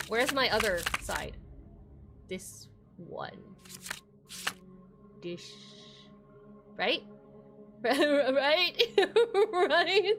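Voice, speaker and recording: A woman's voice: high voice, very animated, slow pace, long pauses, music in the background. A woman streamer giving live gameplay commentary, talking to herself, swearing often and laughing between lines.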